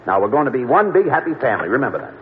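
A man playing a brash, excitable comic, clowning in a 1940s radio comedy. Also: racing, big-room sound, natural voice. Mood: wisecracking. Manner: high, yelping, jokey. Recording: tinny old radio broadcast with hiss.

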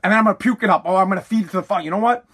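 A middle-aged man fires off a high-pitched, rapid-fire comedic rant full of profanity about his family eating his food. He grows more animated until he's shouting.

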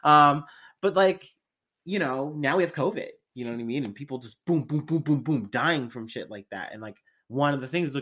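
Animated, cussing podcast guy. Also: medium pitch, normal speed. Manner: animated, swearing, riffing with jokes. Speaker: podcast co-host. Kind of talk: casual chat.

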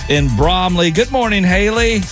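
Morning radio host with music behind. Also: male voice, high-pitched, expressive, moderate pace, a bit bright.

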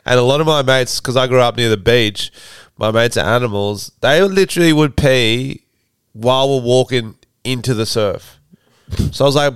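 A man's voice: mid-range voice, moderate pace, clear, resonant tone, no room sound. A man co-hosting a casual comedy podcast, crude and laughing often, calling people bro. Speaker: podcast co-host.

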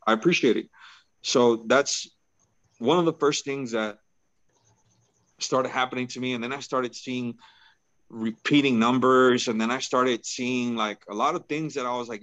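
A man's voice: medium pitch, a little slow, long pauses, a bit bright, dry recording, poor audio. Laid-back man telling a story. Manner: laid-back, peppers talk with "bro" and "right?". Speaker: podcast guest. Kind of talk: casual personal storytelling.

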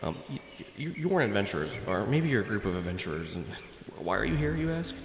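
A man voicing a gruff, dismissive old grandfather who booms down from the sky in a tabletop game. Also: big pitch swings, fast talker, roomy sound, long reverb tail, slight background noise. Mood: bossy. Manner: bossy, dismissive.

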